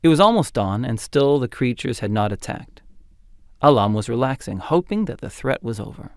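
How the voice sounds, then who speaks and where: A man narrating a fantasy audiobook in an expressive, dramatic storytelling style. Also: medium pitch, moderate pace, vocal fry, no room sound, studio quality. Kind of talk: scripted narration.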